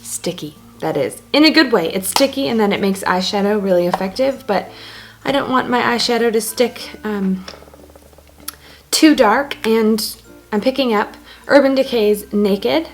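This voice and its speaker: A woman's voice: a little high, a little slow. A woman casually talking through her makeup routine step by step, chatty and joking as she goes. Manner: chatty, self-narrating each step; joking asides. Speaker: beauty blogger.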